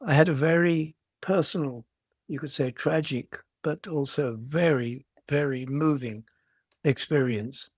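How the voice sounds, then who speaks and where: A man's voice: fairly high pitch, measured pace, husky, dry recording, studio quality. An older man giving a dharma talk as a meditation teacher, reflective and storytelling, often restarting his phrases.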